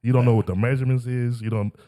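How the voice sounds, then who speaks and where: A man hosting a podcast in casual chat, animated and slangy, laughing often. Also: medium pitch, rapid-fire.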